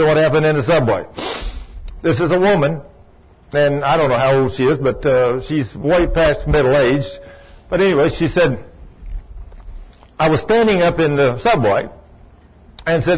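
A man preaching a sermon in a folksy storytelling manner, rising to fervent shouts when he quotes. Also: fairly high pitch. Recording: dull lo-fi sermon recording.

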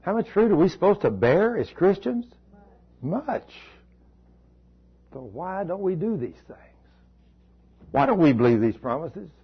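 A pastor preaching a sermon in a folksy, emphatic way that repeats key words, on a dull lo-fi recording. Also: male voice, on the high side, slightly rough. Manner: folksy storytelling, emphatic repetition.

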